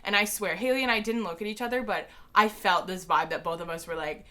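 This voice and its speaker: Bright-voiced young woman telling a story. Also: mid-range voice, fast talker. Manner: excited rambling with many fillers. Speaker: vlogger. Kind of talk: casual storytime.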